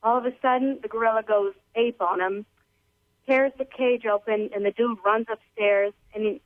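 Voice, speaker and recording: A woman's voice: on the high side, steady tone, normal speed. A woman calling in by phone, telling a long joke in a casual, rambling way full of slang. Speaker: caller. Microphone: telephone. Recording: thin phone line.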